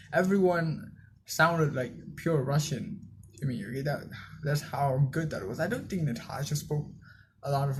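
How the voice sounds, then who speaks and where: A man's voice: on the high side, a little hiss or hum. A young man giving a casual spoken film review, rambling loosely with lots of fillers and restarts. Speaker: movie reviewer.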